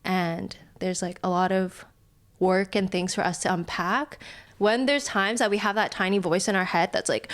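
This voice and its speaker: A woman's voice: mid-range voice, steady tone, moderate pace. A woman guest on a podcast, talking casually and reflectively, laughing often and speeding up when she retells a story. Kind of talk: casual chat.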